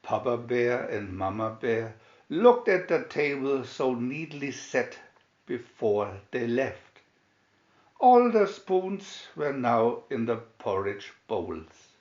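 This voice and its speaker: A man reads a children's fairy tale slowly and expressively, his pitch rising and falling a great deal. The voice sounds dull and a little echoey, as if recorded in a plain room. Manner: lively expressive storytelling. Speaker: storybook reader. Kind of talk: slow read-aloud fairy tale narration.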